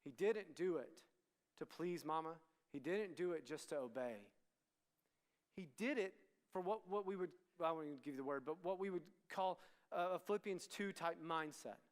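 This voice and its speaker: Preaching to a student ministry at a moderate pace, this man has a fairly high voice. His sermon is conversational, and he frequently acts out what the characters in the story say, with a long hall reverb in the recording.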